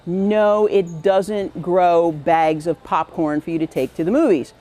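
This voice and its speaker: A woman's voice: medium pitch, dark tone. A woman hosting a farm store's own show, walking viewers through its products with chatty enthusiasm. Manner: chatty and enthusiastic, repeats "really, really". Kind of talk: upbeat product tour.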